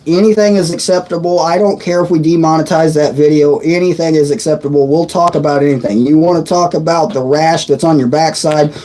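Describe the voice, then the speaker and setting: A man's voice: on the high side, mellow, rough recording. A man, hosting a casual live stream, joking and laughing as he answers chat comments. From Indiana, USA. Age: 30s. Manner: chatty and joking, laughs often, stumbles and restarts.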